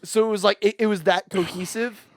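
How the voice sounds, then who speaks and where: A podcast co-host in casual chat, rambling and halting as they describe a meal, laughing often. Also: medium pitch, fairly even intonation, no room sound, clean studio sound.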